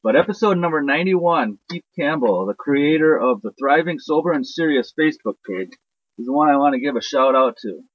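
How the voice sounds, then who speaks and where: A man's voice: on the high side, animated, fairly quick, dry recording, highs cut off. A man leaving a recorded voice message for a podcast host, joking and heartfelt in turn. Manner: jokey, upbeat, heartfelt.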